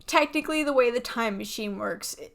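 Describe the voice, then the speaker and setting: Woman podcast co-host, animated and exclamatory, fairly high voice. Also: creaky. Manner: animated, exclamatory, quick to laugh. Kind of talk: casual chat.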